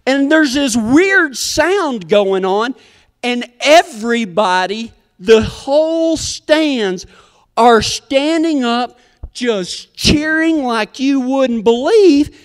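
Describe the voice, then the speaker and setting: A man's voice: extremely high pitch, animated, drawn-out words, long reverb tail. A man telling a comic story in a folksy, rambling, self-deprecating way.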